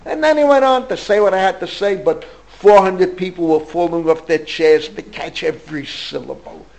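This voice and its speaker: A man's voice: sits high, normal speed, creaky, darkish tone, poor audio. An older man from New York, a rabbi teaching a Torah class, wandering into stories and stressing his points with feeling. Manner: digressive storyteller, emphatic.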